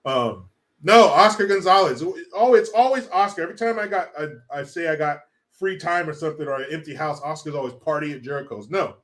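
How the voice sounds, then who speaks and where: A man's voice: on the high side, a little fast, fairly bright tone. A man hosting a casual livestream, reading chat and ranting with lots of profanity and laughter. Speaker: live stream host.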